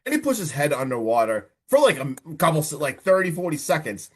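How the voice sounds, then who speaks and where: A man hosting a podcast, recapping a film in a casual, animated way with lots of filler words. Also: on the high side, a little fast, breathy edge. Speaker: podcast host.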